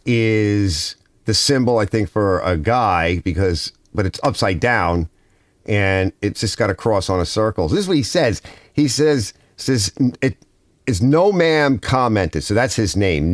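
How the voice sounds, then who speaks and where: A man's voice: fairly low pitch, dry recording, studio quality. Rambling Northern US man on a livestream. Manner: rambling, reads viewer comments aloud. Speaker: host of a garage livestream. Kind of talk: casual livestream chat.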